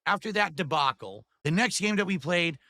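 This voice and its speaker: A man's voice: high voice, lively intonation, normal speed, bright, forceful tone, no echo. A man streaming gameplay, ranting and swearing. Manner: ranting, profane, self-pitying. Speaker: gaming streamer. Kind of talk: livestream gameplay rant.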